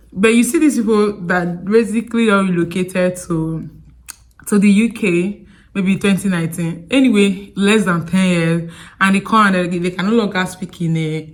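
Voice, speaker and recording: Chatty Nigerian woman vlogging. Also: lowish voice. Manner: chatty, digressive, animated storytelling. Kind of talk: sit-down storytime vlog.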